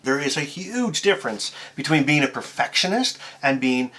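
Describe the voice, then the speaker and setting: A man's voice: fairly high pitch, animated, moderate pace, sharp tone. A man giving advice straight to camera as a YouTuber and motivational speaker, talking in an amped-up, emphatic, conversational way. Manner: conversational, with filler words and restarts. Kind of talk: to-camera tips video.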